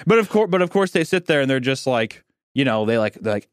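A man's voice: medium pitch, big pitch swings, fast talker, clean tone, dry recording. Podcast co-host, man from Missouri, profane ranting storyteller, dry close sound. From Missouri, United States. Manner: profane, ranting, acts out quoted people. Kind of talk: casual chat.

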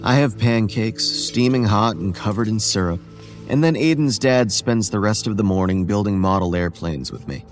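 A man's voice: on the low side, expressive, moderate pace, natural voice. A man narrating as a weary, ageless boy. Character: weary, homeless boy who looks about eleven. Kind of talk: first-person horror story narration. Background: soft music.

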